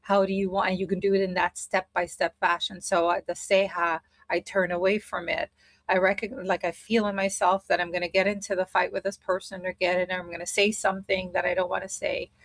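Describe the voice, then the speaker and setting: A woman's voice: fairly low pitch, flat delivery, fairly quick, no room sound. A woman teaching a spiritual study group in a casual way, thinking aloud as she explains a method step by step.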